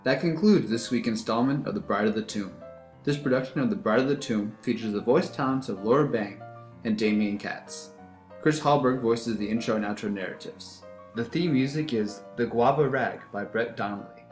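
A man of middle pitch reads out closing credits in a measured, formal manner. The room sounds echoey, and soft music plays behind him. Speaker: podcast announcer. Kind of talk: scripted credits announcement. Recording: roomy echo with faint music behind.

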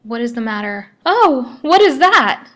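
A woman's voice: lowish voice, normal speed, a bit bright. A woman voicing a frightened young girl held captive, timid at first but dauntless. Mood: terrified. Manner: frightened, pleading.

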